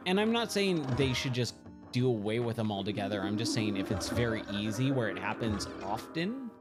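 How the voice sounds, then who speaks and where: A man's voice: on the low side, sing-song, fairly quick. Rambling man chatting while playing pinball. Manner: chatty, rambling, repeats words. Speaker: streamer. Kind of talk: casual gameplay chat. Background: game music.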